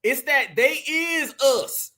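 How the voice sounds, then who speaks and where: A man with a very high-pitched, pushed, bright voice and lively intonation hosts a heated political commentary stream, speaking slowly. He is emphatic and repeats his points, constantly calling out to his audience as "fam" and "y'all."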